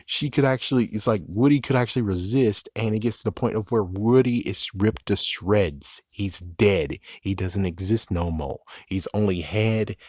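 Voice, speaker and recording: A man's voice: fairly low pitch, darkish tone, no echo, studio quality. A man ranting through a movie review, exasperated and swearing constantly.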